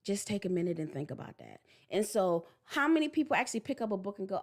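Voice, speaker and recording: A woman in her forties giving a blunt, animated parenting talk that slips into acted-out voices. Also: medium pitch, fast talker, hardly any pauses. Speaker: parenting vlogger. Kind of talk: casual preachy monologue.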